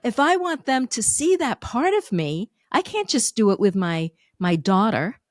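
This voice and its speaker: A woman's voice: fairly high pitch, very animated, unhurried, no echo. Woman speaking coach, playful and showy, acts stuff out, dry no-room sound. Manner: playful, demonstrative, acts out examples. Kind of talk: podcast interview guest.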